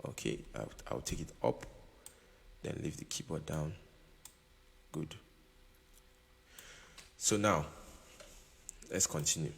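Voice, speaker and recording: He has a very deep, creaky voice with lively intonation, taking his time and leaving long pauses. Playing a keyboard, he gives a laid-back music production tutorial, often restating things and asking if the listener understands. The room echoes long, and keyboard music sounds behind him.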